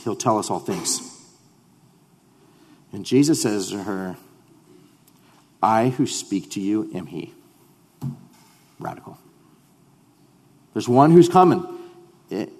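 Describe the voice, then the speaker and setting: A man preaching a sermon as pastor. He drops to hushed tones, then rises to loud, fervent declarations. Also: mid-range voice, big-room sound.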